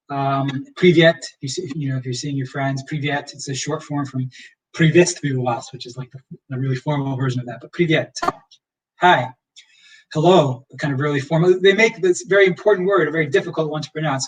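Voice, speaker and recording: A young man teaching as a history professor in a casual livestream lecture, relaxed and rambling with many fillers. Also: a little high, recorded from a distance, poor audio.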